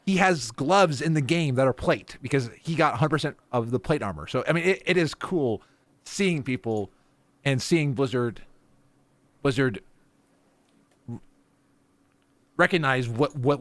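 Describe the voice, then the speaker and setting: A man's voice: medium pitch, expressive, no echo. A man hosting a podcast, chatting casually and with enthusiasm, often restarting his sentences. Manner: enthusiastic, halting, many restarts. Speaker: podcast host. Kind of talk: casual chat.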